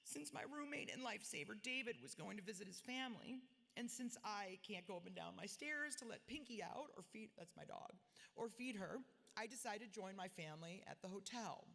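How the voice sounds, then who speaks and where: Reading a diary-like personal speech at a hotel ballroom gala, a woman in her forties sounds animated and brisk. Her mid-range voice is gravelly yet fairly bright, her manner blunt and self-mocking, and the recording rings with long reverb.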